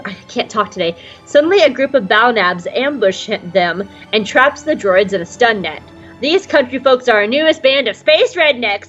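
A woman's voice: medium pitch, highs cut off. A woman with a Southern US accent, casually recapping a show as a podcast co-host with jokes and funny voices. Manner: chatty, jokey, tries funny voices.

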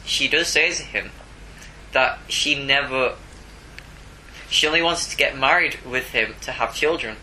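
A matter-of-fact man trades casual comments on a podcast and is quick to put his co-host right on details. His mid-pitched voice has a very bright, crisp edge, with a faint hiss of noise behind it. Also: low-quality recording. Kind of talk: casual chat.

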